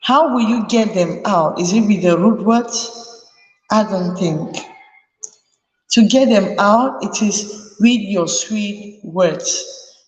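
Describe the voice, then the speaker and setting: In an echoey room full of long reverb, a woman with a medium-pitched, somewhat dark voice hosts a live parenting chat. She talks earnestly to the parents in her audience and repeats the points she wants to stick.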